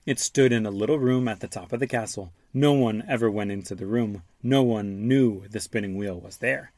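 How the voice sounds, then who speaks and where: A man hosting a show where he reads a storybook aloud to his young son and stops to explain words gently. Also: lowish voice, moderate pace, dry recording. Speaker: father reading to his child, podcast host.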